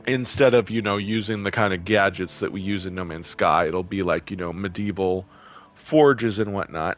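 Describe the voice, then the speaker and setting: A man casually commenting while playing a game, chatty and quick to get irritated, laughing often. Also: deep voice, faint music behind. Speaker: gameplay video host.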